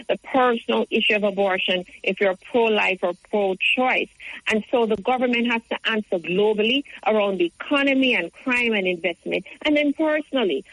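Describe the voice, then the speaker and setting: A woman speaking as a guest on a talk show, explaining politics in an articulate, measured way. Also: fairly high pitch, fairly bright tone, no room sound, rough recording. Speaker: guest commentator. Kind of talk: political discussion.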